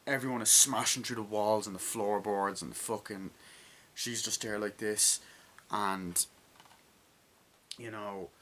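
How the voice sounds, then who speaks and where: A man giving a casual, rambling movie review, full of excitement, swearing and fillers. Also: lowish voice, slow pace, long pauses. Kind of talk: casual spoken film review.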